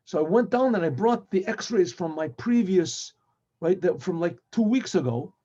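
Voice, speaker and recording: A man, a rabbi, tells a story in lively style and acts out the dialogue between the characters in it. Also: high-pitched, moderate pace. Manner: acts out quoted speech in lively back-and-forth. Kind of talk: animated storytelling retelling dialogue. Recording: dull lo-fi recording.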